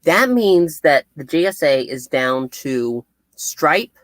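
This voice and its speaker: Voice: mid-range voice, sing-song, slow pace, a bit bright, no room sound. Co-host chiming in short on a show recap, mid voice, dry close sound. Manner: short agreeing interjections. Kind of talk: casual recap chat.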